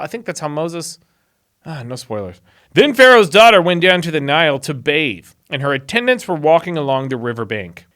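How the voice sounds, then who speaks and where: A man's voice: fairly high pitch, sharp tone. A man reading a Bible chapter aloud and cracking sarcastic jokes between the verses. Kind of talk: casual reading with commentary.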